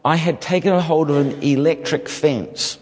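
As a guest preacher, a New Zealander with a matching accent tells a funny testimony, lively and packed with comic asides. His pitch is fairly high and his pace normal, and long hall reverb colors the recording.

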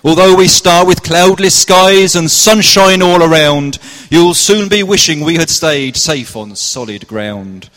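A man's voice: fairly high pitch, a little slow, hardly any pauses, a bit bright, pitched above the performer's own voice. A man playing a jolly sea captain with a Cornish accent, narrating in sing-song rhyming verse during a live church play. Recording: echoey hall.

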